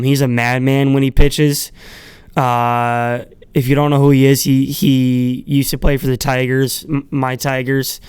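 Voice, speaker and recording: A man talks on his own in a loose, rambling podcast monologue, with many fillers and little chuckles between thoughts. His voice is smooth and resonant at a middle pitch, and the sound is close and dry. He swears freely in an easygoing, irreverent way. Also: no room sound. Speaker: podcast host. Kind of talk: casual solo monologue.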